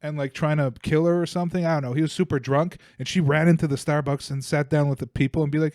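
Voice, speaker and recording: A man's voice: fairly high pitch, fairly even intonation, fast talker, hardly any pauses, a little mellow, no room sound, studio quality. A young man from Bulgaria, co-hosting a comedy podcast and telling crude, rambling stories while laughing at his own jokes. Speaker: podcast co-host. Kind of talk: casual comedic storytelling.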